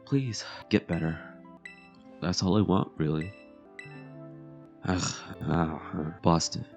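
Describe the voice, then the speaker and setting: A man voicing a teenage boy in a video game, speaking softly and pleadingly to his sick dog. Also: deep voice, slow, vocal fry, soft background music, exaggerated voice. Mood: tender, pleading. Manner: soft, pleading.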